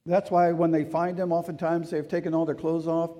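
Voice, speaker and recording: A male pastor delivers a sermon in a high, mellow voice. He keeps it conversational, with rhetorical questions and asides. His tone stays earnest and urging throughout. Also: flat delivery, fairly quick.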